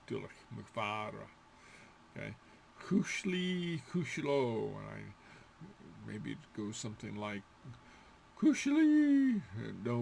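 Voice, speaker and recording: A man's voice: medium pitch, vocal fry, slight background noise. A man giving a casual language lesson, playfully imitating animal sounds and laughing between them. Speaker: Gaelic teacher.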